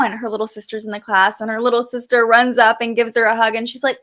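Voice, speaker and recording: A woman's voice: fairly high pitch, quick pace, a bit bright. A young woman hosting a casual astrology livestream, chatting and reading viewer comments aloud, a bit sleepy.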